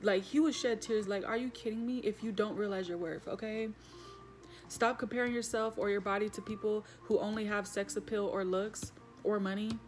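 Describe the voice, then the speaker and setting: A woman's voice: medium pitch, fairly even intonation, normal speed, faint music behind. A woman giving a casual spoken spiritual reading straight to her viewers, earnest and emotional, rambling with lots of fillers. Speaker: spiritual message reader.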